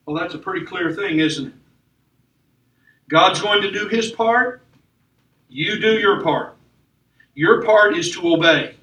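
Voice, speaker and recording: A man's voice: high-pitched, expressive, a little slow, long pauses, pushed and bright, lo-fi sound. A man preaching a sermon in a church, with emphatic delivery that rises and falls. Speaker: pastor. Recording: echoey church room from far off.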